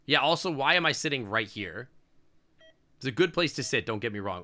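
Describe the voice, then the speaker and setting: Bright-voiced joking male streamer. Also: medium pitch, animated, brisk. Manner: crude, joking, outspoken. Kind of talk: reading a visual novel aloud with live reactions.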